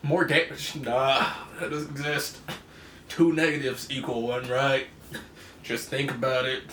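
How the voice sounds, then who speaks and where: A man's voice: mid-range voice, normal speed, fairly bright tone, a little hiss or hum. A young man in casual comic commentary, sarcastic and mocking, firing rhetorical questions, in an echoey room. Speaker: comic book reviewer.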